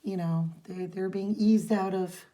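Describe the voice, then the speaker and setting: Brief: woman podcast co-host, mellow mid voice, loose chatty recap. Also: mid-range voice, steady tone, measured pace. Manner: rambling recap, reads dialogue aloud. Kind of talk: casual chat recapping a comic.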